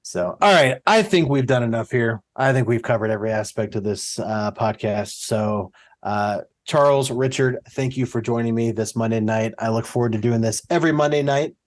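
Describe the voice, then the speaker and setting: A man hosting a casual podcast chat over a video call, joking and laughing often in quick banter. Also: mid-range voice. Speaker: podcast host.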